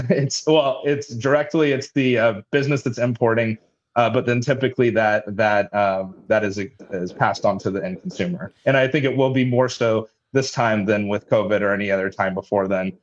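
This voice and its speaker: A man's voice: lowish voice, steady tone, normal speed, muffled recording. A man, head of a logistics company, explaining things in a businesslike way as an interview guest. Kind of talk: interview answers.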